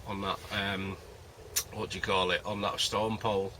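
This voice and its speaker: A deep-voiced man speaks in a level yet sharp tone at normal speed, a carp vlogger rambling and joking to the camera as he fishes at a lake. The setting is a winter fishing camp outdoors, and the recording is noisy.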